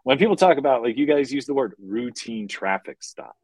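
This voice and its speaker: A man telling wild stories as a podcast guest, profane and animated, acting out the voices of the people in them. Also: medium pitch, a little fast, slightly rough, no echo. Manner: profane, animated, acts out quoted dialogue. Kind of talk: casual chat, storytelling.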